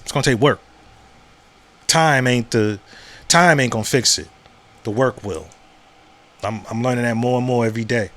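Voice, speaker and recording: He speaks at medium pitch and normal speed with a slightly bright tone, leaving long pauses. As a podcast host giving a casual monologue, he's frank and profane, with frequent repetitions and checks like "you know what I'm saying?"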